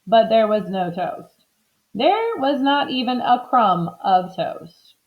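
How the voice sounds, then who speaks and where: A woman reads a children's storybook aloud at an unhurried pace. Her pitch is bright and high and moves up and down with every turn of the story. The recording sounds slightly dull and lo-fi. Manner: expressive and animated. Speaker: storybook reader. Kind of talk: children's book read-aloud.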